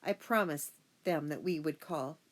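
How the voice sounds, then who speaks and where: A woman reading an audiobook and voicing a kind, practical aunt giving gentle instructions. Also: low-pitched, a little slow. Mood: calm. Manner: gentle, matter-of-fact instructions.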